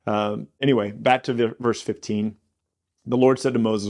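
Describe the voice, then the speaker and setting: A man's voice: lowish voice, steady tone, moderate pace, a little mellow. A man teaching the Bible on a casual podcast. He talks conversationally and often corrects himself mid-sentence.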